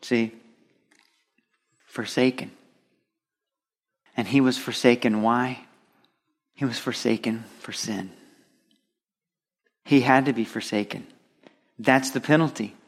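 Guy preaching a sermon, punches some words then drops real quiet. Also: mid-range voice, fairly even intonation, slow pace, pauses often. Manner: emphatic preaching with sudden loud and soft swings.

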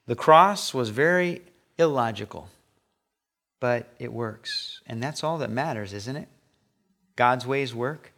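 A man's voice: mid-range voice, fairly bright tone. Emphatic male pastor preaching. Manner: emphatic preaching, stressing single words with pauses. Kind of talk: sermon.

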